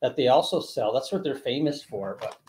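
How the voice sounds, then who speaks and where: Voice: mid-range voice, expressive, a little fast, darkish tone, a little hiss or hum. A product review host chatting on a casual livestream, laughing often and reading packaging aloud.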